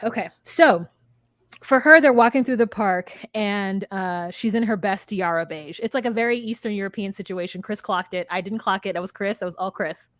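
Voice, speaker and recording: A woman's voice: medium pitch, moderate pace, a bit bright, no echo. Chatty woman podcast co-host, dry sound. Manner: chatty, rambling recap with filler words. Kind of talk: casual chat.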